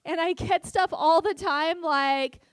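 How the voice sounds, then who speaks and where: High-voiced woman comic who stutters. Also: slow pace, no room sound. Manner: stutters on repeated sounds; deadpan sarcastic delivery. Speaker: stand-up comedian. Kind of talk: stand-up storytelling. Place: festival stage.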